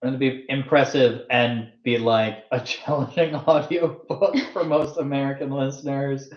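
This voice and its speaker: Man, livestream co-host, casual chat, halting, joking, lots of fillers, roomy echo, muffled audio. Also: mid-range voice, fairly even intonation. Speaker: co-host reading out audience questions.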